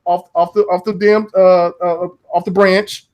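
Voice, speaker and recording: A man's voice: sits high, a little slow. A man hosting a casual podcast, telling stories with lots of swearing and stretched-out words. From Southwest United States. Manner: animated storytelling, heavy swearing, drawls for effect. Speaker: podcast host.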